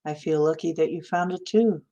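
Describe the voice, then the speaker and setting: A radio-trained woman with a flat Midwestern announcer accent, hosting a casual livestream and chatting with viewers as she reads their comments, laughing often. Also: low voice, brisk, muffled recording. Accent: flat Midwestern American, announcer style. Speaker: host of a spiritual livestream.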